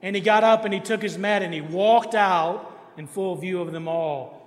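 Pastor, male, high voice, emphatic preacher, reverberant church hall. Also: normal speed. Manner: emphatic preaching with repeated refrains. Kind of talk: sermon. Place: church sanctuary.

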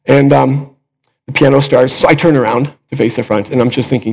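A man's voice: medium pitch, steady tone, brisk, vocal fry, poor audio. An older man preaching a sermon, telling a personal story in a conversational way with fillers and restarts.

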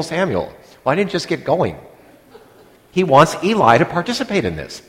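A middle-aged man, a priest, giving a conversational sermon that wanders into asides and acts out quoted lines. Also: mid-range voice. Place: church. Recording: long reverb of a church hall.

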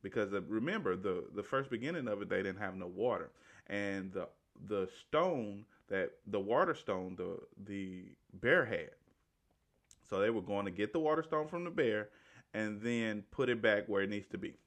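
A man's voice: lowish voice, lively intonation, moderate pace. Man rambling through a movie plot. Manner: rambling, with frequent restarts and self-corrections; loose, colloquial storytelling with "right?" tags. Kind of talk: casual retelling of a movie plot.

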